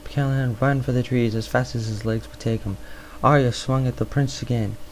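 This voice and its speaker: A man reads a novel aloud, often tripping over words and starting them again. His voice sits at mid pitch with plain, unpolished narration. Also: fairly even intonation, fairly quick, a little mellow, a little hiss or hum, low-quality recording. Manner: stumbling, restarts words. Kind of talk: amateur audiobook reading.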